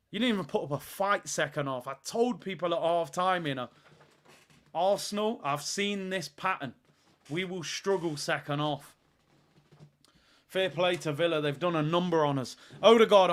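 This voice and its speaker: A man hosts a live football watch-along, ranting with exasperation and biting sarcasm. His voice sits fairly high for a man. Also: fairly bright tone.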